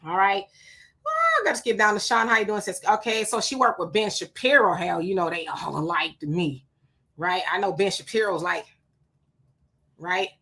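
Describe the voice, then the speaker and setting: Sweating as she hosts a relaxed livestream, this woman calls out viewers by name and riffs on their comments using rhetorical questions and asides. Her medium-pitched voice swings widely at a normal pace, sounding pushed and bright with a breathy edge.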